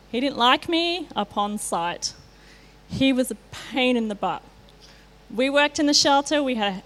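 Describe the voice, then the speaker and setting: Candid woman preaching. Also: high-pitched. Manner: candid storytelling with self-mocking asides. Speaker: church speaker. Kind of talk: sermon.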